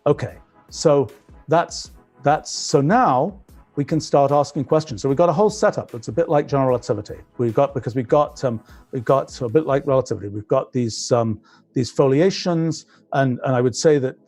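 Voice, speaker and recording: A man's voice: mid-range voice, a little mellow. A man with a British accent giving a technical physics lecture, thinking aloud with frequent restarts as he explains.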